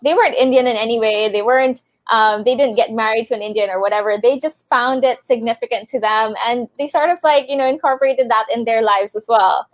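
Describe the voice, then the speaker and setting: Soft-spoken woman, dry close sound. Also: a little high, dry recording. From Philippines. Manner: thoughtful, unhurried storytelling with fillers. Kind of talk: casual panel discussion.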